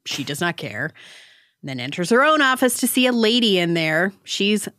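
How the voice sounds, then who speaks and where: A woman's voice: medium pitch, big pitch swings, moderate pace, bright, forceful tone. A woman podcast co-host recapping a TV episode with wry, sarcastic asides. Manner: wry, sarcastic, laughs often.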